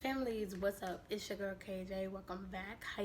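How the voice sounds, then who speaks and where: Hoarse chatty woman vlogger. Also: medium pitch, a little hiss or hum. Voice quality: raspy. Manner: chatty and animated, quick asides. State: hoarse from allergies. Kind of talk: casual chat to viewers.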